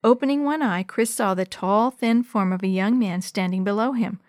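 A woman reading a chapter book aloud to children, slow and clear. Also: medium pitch, a little mellow, no room sound, clean studio sound. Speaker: children's storyteller.

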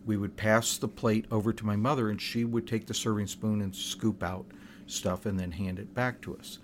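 An older man with a lowish voice recounts his childhood in a casual, storytelling podcast style. He talks conversationally, often restarting phrases and adding asides as he goes. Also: little pitch movement, moderate pace, slight background noise. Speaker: podcast host.

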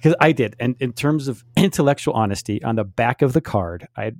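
A man in his fifties, co-hosting a podcast, telling a story in lively casual chat and laughing often. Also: medium pitch, fairly quick, no room sound, clean studio sound. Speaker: podcast co-host.

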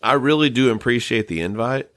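A man's voice: mid-range voice, expressive, fairly quick, a bit bright, natural voice. A man voicing a friendly visiting uncle who talks in a breezy, friendly way.

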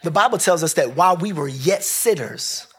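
Male pastor, husky voice, animated and conversational sermon delivery to his congregation. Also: moderate pace. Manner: animated, conversational preaching with wide swings in pitch and pace. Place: church service.

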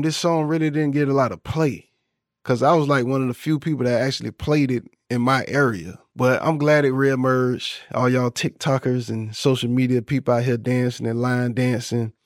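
Southern Florida man, podcast host, easygoing slangy patter, mid-pitched voice, dry close sound. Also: darkish tone, no echo. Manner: laid-back slangy banter, laughs often. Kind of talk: casual solo podcast commentary.

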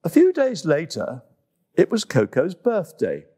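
A man narrating a children's storybook in an expressive, unhurried way. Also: on the high side, husky.

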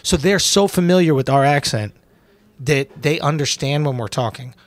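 Animated swearing American man. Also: fairly high pitch, normal speed, dry recording. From United States. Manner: animated, swears a lot, filler-heavy. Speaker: comedian guest. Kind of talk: casual podcast chat.

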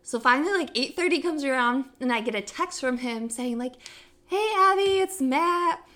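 A young woman with a high voice tells a casual story at a quick clip. She grew up in Africa, and she acts out every quote in a squealing, excited voice. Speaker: podcast co-host telling a story.

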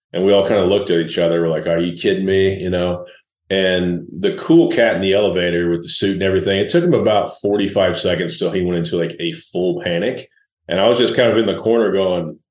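A man's voice: low voice, echoey room. A man in his forties, a guest entrepreneur telling blunt, laid-back stories in a casual interview.

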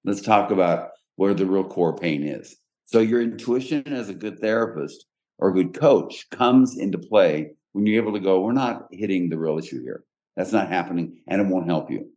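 A man with a fairly low voice hosts a casual podcast. He explains things plainly and directly, often restarting his sentences as he goes. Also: expressive, moderate pace, dark tone. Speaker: podcast host and coach.

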